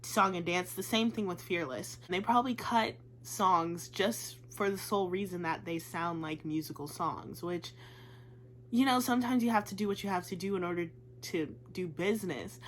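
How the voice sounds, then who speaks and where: A woman's voice: lowish voice, moderate pace, a bit bright, a little hiss or hum. A young woman gushing about a musical in a casual vlog, chatty and full of "like". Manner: chatty and gushing, says "like" a lot. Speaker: vlogger.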